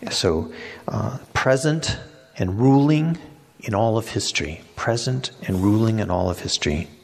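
Leading an interactive Bible study, a male pastor with a lowish, creaky voice asks the group questions and echoes their answers back. He speaks unhurriedly with lively intonation, and the hall gives a long reverb.

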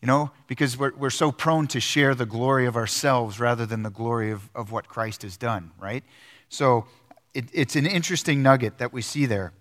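A middle-aged male pastor preaching in a church sanctuary. His pitch sits in an ordinary middle range, and he tells a personal story with earnest feeling, stumbling and restarting as he goes. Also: moderate pace, a bit bright. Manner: earnest storytelling with frequent restarts and filler words. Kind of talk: sermon.

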